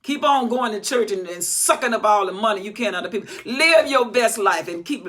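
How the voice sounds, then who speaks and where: A woman's voice: mid-range voice, animated, brisk, a bit bright. A woman teaching the Bible in an emphatic, scolding, repetitive way.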